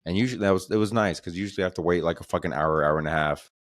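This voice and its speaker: Man, low voice, comedy podcast host, rambling profane storytelling, dry close sound. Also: rapid-fire, no echo.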